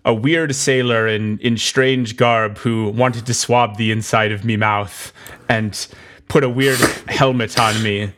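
A man voicing a gruff old dead pirate reading his own last log entry. He speaks in a slow piratical drawl. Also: fairly low pitch, fairly even intonation, fairly bright tone. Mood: grumbling.

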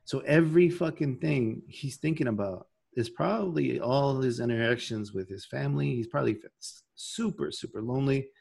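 A man's voice: medium pitch, moderate pace, creaky, few pauses, a little mellow, slightly rough. A man hosting a podcast in casual chat, rambling and emotional as he talks. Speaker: podcast host.

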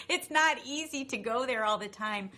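A middle-aged woman co-hosting a radio talk show, telling a story in a feisty, expressive way. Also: fairly high pitch, normal speed. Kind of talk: casual storytelling chat.

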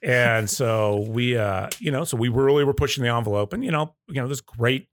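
A man's voice: medium pitch, fairly quick. A man from the Southern United States, a company leader, telling stories in a casual podcast interview and acting out customer quotes. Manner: storytelling, acts out customer quotes. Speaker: guest, coffee company leader.

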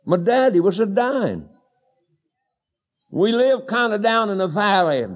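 A man preaching a fervent, folksy sermon and telling a story that builds to shouted emphasis. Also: sits high, sing-song, a little slow, lo-fi sound. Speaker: evangelist preacher.

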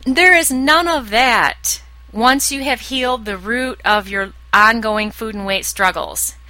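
A woman with a bright, clear, fairly high voice speaks earnestly to her listeners as a weight loss coach in a solo podcast. She now and then acts out their inner voice. The sound is close and dry, with no room around it. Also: slow pace, no echo, poor audio.

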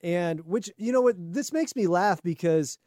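A man with a high voice reads a science story aloud and riffs on it in a loose, jokey chat. The sound is dry and close, with no room around it. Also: expressive, a little slow, warm tone, no room sound. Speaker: podcast co-host. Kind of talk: casual chat, reading news aloud.

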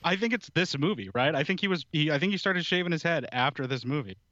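A man's voice: a little high, expressive, fast talker, sharp tone, dry recording, lo-fi sound. A man chatting casually on a podcast, sarcastic and mocking, swearing freely. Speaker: podcast co-host. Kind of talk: casual political chat.

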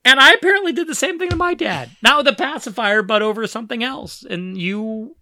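A man telling stories about raising his child, animated and full of restarts, acting out quoted voices. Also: very high-pitched, a little fast, no echo. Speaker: parent telling family stories. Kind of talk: casual storytelling conversation.

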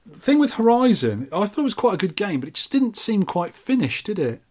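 A man's voice: sits high, brisk. A man co-hosting a retro gaming podcast, reading out listener messages and trading dry, teasing remarks. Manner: dry, teasing, deadpan asides. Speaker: podcast co-host. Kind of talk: casual chat, reading listener mail.

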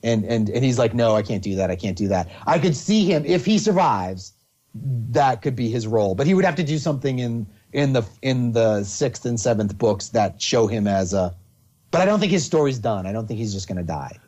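Rambling, animated man in casual chat. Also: mid-range voice, normal speed, dull audio. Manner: rambling, animated, restarts a lot.

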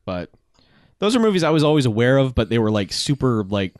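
A man's voice: mid-range voice, big pitch swings, fairly quick, darkish tone. A man co-hosting a podcast, talking loosely and rambling with lots of filler words. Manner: loose, rambling with many likes. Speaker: podcast co-host. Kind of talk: casual chat.

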